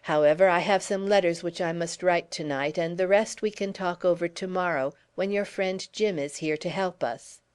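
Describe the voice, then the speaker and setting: Woman narrator doing a teasing, courtly gentleman, lower voice, audiobook. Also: normal speed, hardly any pauses, clear, resonant tone, natural voice. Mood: mocking. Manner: grandly polite, teasing, exclaiming. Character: theatrical French nobleman, mocking and flamboyant. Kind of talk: audiobook character voice.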